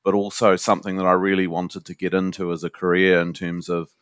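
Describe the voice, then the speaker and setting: A New Zealand-accented man, a guest academic and suicide educator, answers interview questions earnestly and conversationally, often saying "you know." His low voice is monotone and a little fast, recorded in studio quality with no room sound.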